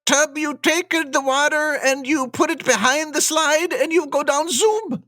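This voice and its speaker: A man's voice: very high-pitched, unhurried, sharp tone, soft background music, voice pushed up, full character voice. A man putting on a bumbling mock-Swedish lifeguard. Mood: playful. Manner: sing-song, collapsing into laughter.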